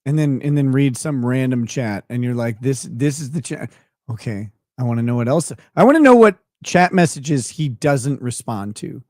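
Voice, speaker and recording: A man's voice: medium pitch, animated, normal speed, hardly any pauses, darkish tone, no echo, clean studio sound. A man co-hosting a casual livestream, teasing his partner with profane banter and mock cross-examination. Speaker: livestream co-host.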